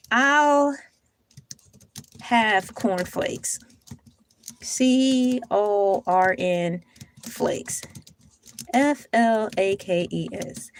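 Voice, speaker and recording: High-voiced woman hosting a livestream. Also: dry recording. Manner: animated, playful, talks to chat and does voices. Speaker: livestream host. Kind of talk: casual morning livestream chat.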